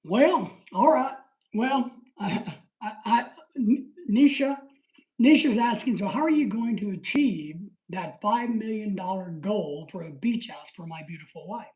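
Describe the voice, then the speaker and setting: A man's voice: sits high, expressive, measured pace, a little mellow. A middle-aged man hosting a live stream in casual chat, reading out viewer comments, rambling and joking, laughing often. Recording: roomy echo.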